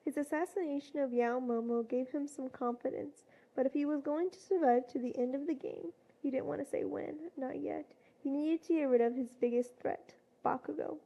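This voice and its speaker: A woman reading a fanfiction story aloud in a plain storytelling way, with louder voices for quoted shouts. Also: high-pitched, fairly even intonation, normal speed, vocal fry, rough recording. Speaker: fanfiction reader.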